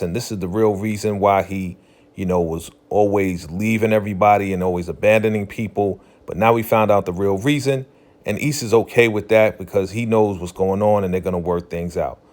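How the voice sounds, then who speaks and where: A man's voice: fairly low pitch, steady tone, normal speed, darkish tone. A man giving a casual, chatty recap of a TV episode, loose and full of slang and "you know" fillers. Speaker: TV recap channel host.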